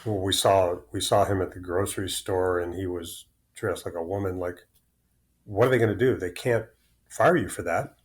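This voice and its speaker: A man's voice: low voice, moderate pace. A man in his sixties, a podcast guest telling personal stories openly, often restarting and repeating words. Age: 60s. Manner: open, rambling, repeats words. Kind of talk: candid conversational storytelling.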